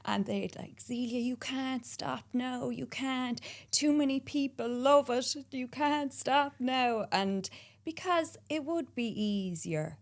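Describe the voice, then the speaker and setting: Lower-pitched Irish woman, animated guest. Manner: animated and self-mocking, laughing at herself. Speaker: podcast guest, business founder. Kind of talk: casual interview chat.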